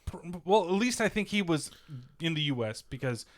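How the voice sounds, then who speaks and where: A man's voice: fairly high pitch, very animated, normal speed. A man co-hosting a podcast, telling a profane, ranting story in casual chat. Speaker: podcast co-host.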